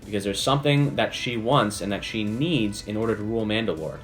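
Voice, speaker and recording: A man's voice: lowish voice, brisk, soft background music. A man giving a casual, enthusiastic spoiler review, chatty and full of "basically" and "like". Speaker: video reviewer.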